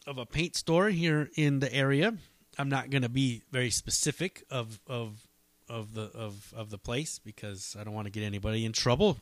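A man's voice: mid-range voice, pushed and bright, no room sound. A man hosting his own podcast solo, rambling casually with lots of swearing and self-deprecating asides. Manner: rambling, profane, self-deprecating, many fillers. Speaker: podcast host.

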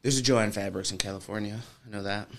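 A young man co-hosting a casual podcast, bantering in a laid-back, opinionated way with a gravelly voice. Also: on the low side, fairly even intonation, fast, a bit bright. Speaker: podcast co-host. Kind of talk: casual chat. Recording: faint background noise.

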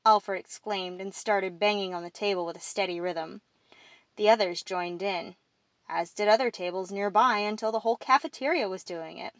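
A woman reads a fantasy novel aloud in first person, keeping a steady storytelling pace. Her pitch sits in the middle, and the recording is close and dry with no room sound. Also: normal speed, dry recording, highs cut off. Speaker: audiobook narrator.

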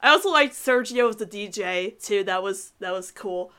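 A woman's voice: medium pitch, expressive, moderate pace, sharp tone, clean tone. A woman co-hosting a podcast in casual chat, chatty and giggly, trailing off with filler words. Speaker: podcast co-host reviewing cartoon episodes.

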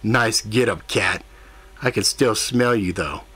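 A man's voice: fairly low pitch, takes it slowly, fairly bright tone, husky, no echo, full character voice. A man playing a cocky, crude demon. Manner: cocky and flirtatious. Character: brash, crude male demon, middle-aged.

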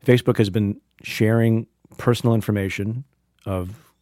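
A man's voice: fairly low pitch, fairly even intonation, moderate pace, mellow, no room sound. A man hosting a studio interview podcast, reading an ad and then questioning his guest with wry humor. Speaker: podcast host. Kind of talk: interview with ad read.

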